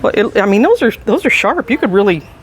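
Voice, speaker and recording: Inside a big antiques mall, an enthusiastic, talkative employee gives a relaxed walking tour, speaking quickly in a mid-range voice with large pitch swings. Frequent chuckles punctuate the talk, captured on a handheld camera on the move.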